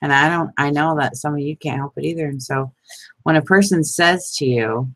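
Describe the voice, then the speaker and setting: A woman's voice: deep voice, moderate pace, no room sound, low-quality recording. A woman chatting casually to her viewers while making envelopes, laughing often and talking to them by name. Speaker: crafting vlogger. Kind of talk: casual crafting chat.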